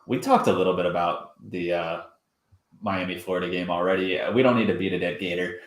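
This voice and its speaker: A young man co-hosting a podcast, chatting casually in a dry, deadpan way. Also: sits low, brisk. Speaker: podcast co-host. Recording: roomy echo.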